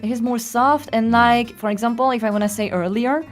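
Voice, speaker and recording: A woman's voice: fairly high pitch, steady tone, brisk, soft background music. A woman with a French accent, hosting a casual stream chat in a giggly, playful way. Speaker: streamer host.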